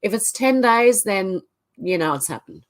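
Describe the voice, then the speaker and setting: She hosts a livestream with an Australian accent, reading viewer comments out loud and replying in an easygoing, talkative way. Her medium-pitched voice has lively intonation, and she takes her time.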